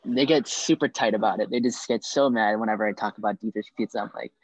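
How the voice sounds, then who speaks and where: A young man from the Midwest chatting casually, laid-back and quick to laugh. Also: lowish voice, dry recording, poor audio. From Chicago area, US Midwest. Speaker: grad student interviewee. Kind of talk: casual chat.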